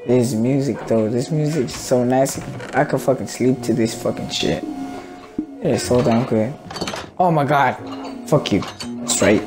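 Slow-talking, swearing man gamer. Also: medium pitch. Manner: swears constantly, grumbles and mutters to himself. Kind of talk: casual gameplay commentary. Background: game music.

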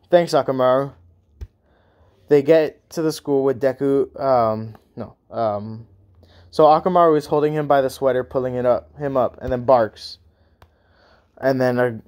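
A man improvises a fan story in a halting, casual way, filling gaps with ums and restarts. His voice is middle-pitched and plain. It sounds like a homemade storytelling video. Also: darkish tone.

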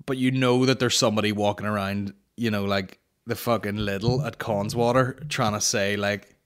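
A man hosting a comedy podcast, chatting casually, swearing freely and slipping into quick impressions. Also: fairly low pitch, fairly even intonation. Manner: sweary, mimics voices mid-story. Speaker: podcast host.

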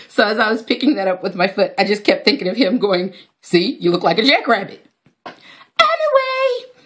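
A woman chatting excitedly to her viewers as she unboxes hair products in a casual vlog. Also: mid-range voice. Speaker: natural hair vlogger.

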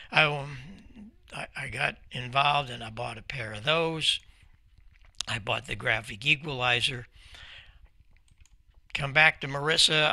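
A man's voice: mid-range voice, sharp tone, no echo. An older man giving an enthusiastic, exclamatory storytelling presentation with slides to a radio club. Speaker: guest speaker at a radio club.

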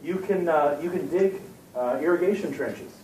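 A man's voice: on the high side, normal speed, dark tone, slight background noise. A man teaching a Bible lesson to a youth group, talking casually with fillers and repeated words. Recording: echoey room, from far off.

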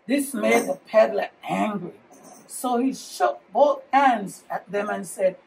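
A woman preschool teacher reading a picture book aloud to children in slow, expressive storytelling. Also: medium pitch, gravelly. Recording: distant mic, faint room noise.

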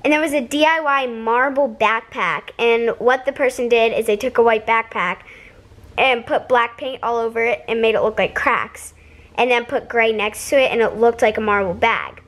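A woman's voice: on the high side, normal speed, fairly bright tone. A young woman chatting casually in her vlog, bubbly and gushing, often giggling. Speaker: vlogger.

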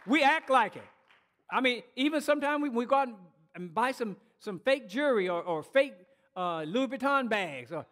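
A male pastor with a strikingly high, somewhat bright voice preaches a sermon at a normal pace, animatedly calling out to his congregation. He stumbles, restarts, and repeats words mid-thought as he presses each point home, while a long reverb from the large church hall trails his voice.

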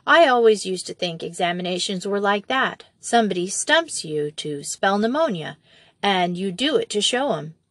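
Woman voicing a practical farm woman, brisk, matter-of-fact, dry close sound. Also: mid-range voice, lively intonation, a bit bright, no room sound.

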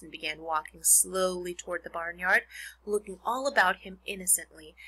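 A woman's voice: lowish voice, sharp tone, breathy edge, low-quality recording. A woman teacher reading a children's book aloud, stopping now and then to explain words to her young listeners. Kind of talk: read-aloud storytime.

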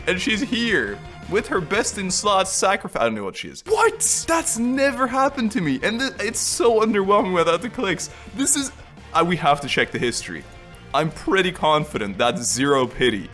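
A man giving excited, casual commentary while playing a video game, often laughing and exclaiming. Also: fairly high pitch, moderate pace, faint music behind. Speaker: gaming video creator.

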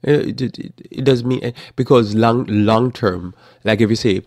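A man hosting a live Bible teaching talk, speaking informally and acting out parents and children in quick asides. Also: medium pitch, darkish tone, no echo, studio quality.

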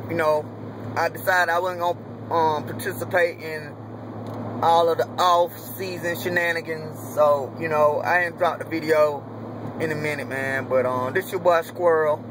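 A man's voice: on the high side, fairly even intonation, moderate pace, background noise. A young man ranting in a vlog, angry and profane, repeating himself as he vents. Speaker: vlogger.

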